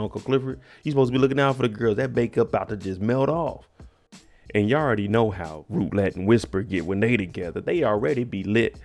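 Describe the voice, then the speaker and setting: A man's voice: medium pitch, a little mellow. A man casually recapping a TV episode for his viewers, slangy and joking, talking straight to the audience. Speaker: TV recap vlogger. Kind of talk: casual show recap commentary.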